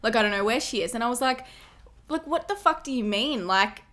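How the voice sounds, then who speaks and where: A woman's voice: on the high side, animated, a little fast, sharp tone. A young woman, a guest in a casual chat, animatedly retelling a school story and acting out what people said, with swearing. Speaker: guest, host's sister.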